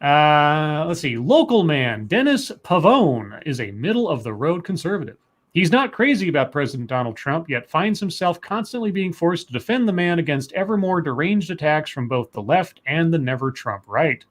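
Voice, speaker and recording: A man with a fairly high voice hosts a laid-back livestream. He reads news items aloud and wanders off into loose, chatty tangents full of fillers, trailing off mid-thought before picking back up. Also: big pitch swings, normal speed. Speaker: co-host reading news stories. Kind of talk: casual livestream chat.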